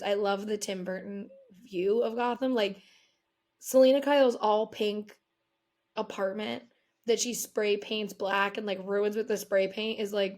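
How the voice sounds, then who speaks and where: A woman's voice: medium pitch, a little mellow. A young woman co-hosting a casual movie chat, talkative and easy to laugh. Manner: chatty, laughs easily. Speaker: co-host.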